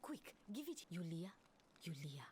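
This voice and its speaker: A woman's voice: fairly low pitch, big pitch swings, measured pace, darkish tone, slight background noise. An actress playing a caring woman healer who is tending a sick girl, speaking earnestly and with concern in video game dialogue.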